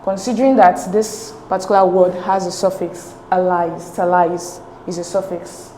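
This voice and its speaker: A lowish, warm female voice with fairly even intonation and normal speed belongs to a teacher methodically working through exam answers. She's patient and keeps checking in with "okay?". The echoey recording has faint noise.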